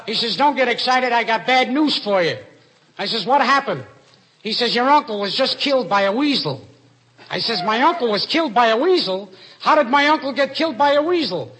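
A man telling rapid stand-up jokes in deadpan one-liners, on an old broadcast recording. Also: very high voice, slight background noise, poor audio. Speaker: stand-up comedian.

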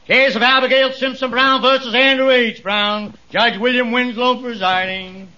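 A man's voice: very high-pitched, fairly even intonation, moderate pace, noisy background. A man playing a court crier who announces the session in a sing-song official call, in 1940s radio drama style. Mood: announcing. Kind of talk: 1940s radio comedy acting. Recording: muffled old radio broadcast.

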